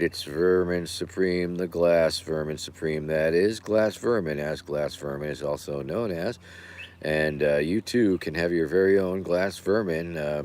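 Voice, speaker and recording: A hoarse man hosting a livestream, rambling in deadpan jokes with plenty of fillers. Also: low-pitched. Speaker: livestream host. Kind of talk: casual stream chat.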